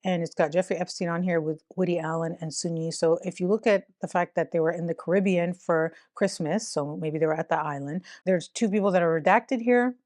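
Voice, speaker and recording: Woman, YouTube commentator, casual commentary, sarcastic and incredulous, lowish voice, dry close sound. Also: brisk, hardly any pauses, a little mellow, no echo.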